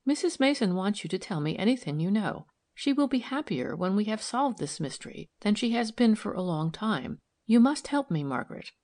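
A woman voicing a kind young female investigator who asks gentle, probing questions in an audiobook. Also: medium pitch, big pitch swings, normal speed, few pauses, voice pushed up. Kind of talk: audiobook character reading.

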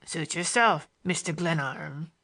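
A woman voicing a sly, grinning man with a broad Western American drawl, pitched lower than her own voice, in a storybook reading. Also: normal speed, creaky, sharp tone, exaggerated voice. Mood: mocking drawl.

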